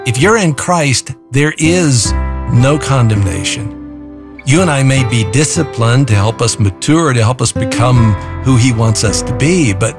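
A man's voice: medium pitch, expressive, a little slow. A man hosting a devotional radio talk, reflective and asking questions of his listeners. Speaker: radio show host. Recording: music bed under voice.

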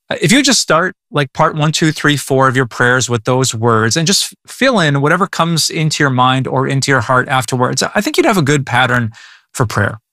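A man's voice: medium pitch, expressive, fairly quick, sharp tone, no room sound, studio quality. A male pastor giving a conversational sermon in an earnest way, often repeating words as he goes.

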